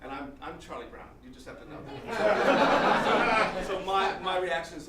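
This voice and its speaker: A man's voice: sits high, expressive, normal speed. Chatty New man telling stories on stage. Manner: chatty, self-deprecating, lots of restarts and fillers. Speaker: guest storyteller. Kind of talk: stand-up storytelling. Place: small comedy venue. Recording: roomy hall mic, from a distance, noisy.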